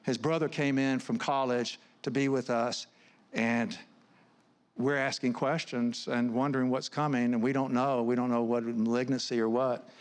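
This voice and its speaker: A man's voice: medium pitch, steady tone, normal speed. A middle-aged man, giving an earnest, conversational sermon full of personal stories, often restarting his words. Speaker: guest speaker, counselor. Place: church stage.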